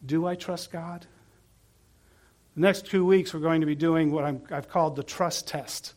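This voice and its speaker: A pastor preaching a sermon, earnest and asking the congregation questions. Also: male voice, a little high, fairly even intonation, a little fast, a little mellow.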